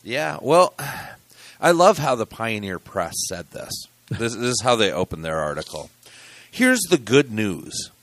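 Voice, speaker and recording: A deep-voiced man co-hosting a casual political talk show. He sounds wry and indignant, and he stalls on fillers before making his point. The recording is dry and close. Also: animated, normal speed, fairly bright tone, no echo. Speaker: co-host.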